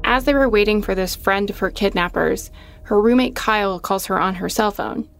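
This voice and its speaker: A woman delivers scripted documentary narration, moving along in a steady, even tone. The voice is mid-pitched and recorded close and dry. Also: normal speed, vocal fry, no room sound, soft background music.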